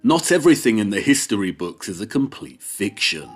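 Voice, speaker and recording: Man, scripted documentary narration, deliberate, animated pitch, soft music bed. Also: husky. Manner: slow, deliberate and emphatic. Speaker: video essay narrator.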